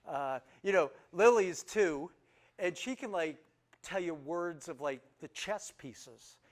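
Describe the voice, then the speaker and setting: A man's voice: a little high, expressive, takes it slowly. A man in his fifties, casually telling humorous family stories to a group and asking them questions. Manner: humorous, asks the audience questions. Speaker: speaker introducing himself to a group. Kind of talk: casual storytelling talk.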